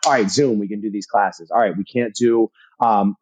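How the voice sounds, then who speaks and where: A man talking as a guest in a casual interview, energetic and emphatic, swearing casually and repeating phrases for punch. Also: lowish voice, normal speed, a little hiss or hum, rough recording. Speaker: podcast guest, fitness entrepreneur.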